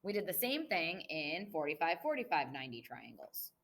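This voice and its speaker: A woman math teacher talks through a recorded review lesson. Her voice sits on the low side yet sounds bright and crisp. She explains patiently, step by step, as she writes things out. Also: big pitch swings, normal speed. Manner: patient, explaining step by step while writing on the board.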